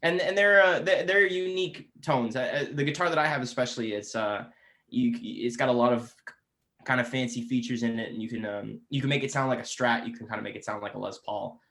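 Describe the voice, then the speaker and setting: A slightly bright, mid-range voice with a steady tone belongs to a talkative guitar teacher in his twenties, appearing as a guest musician. Eager and chatty on a relaxed podcast, he keeps making quick restarts.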